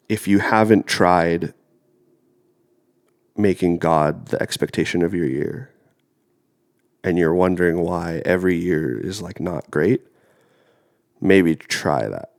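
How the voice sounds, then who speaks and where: With a low, creaky, slightly mellow voice, a young man in his twenties chats as a podcast co-host while stuffed up from a cold. The talk is casual and rambling, full of filler.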